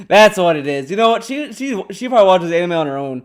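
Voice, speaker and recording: A man streaming casual commentary, rambling excitably and swearing often as he talks. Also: sits high, quick pace, hardly any pauses. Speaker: streamer reacting to a clip.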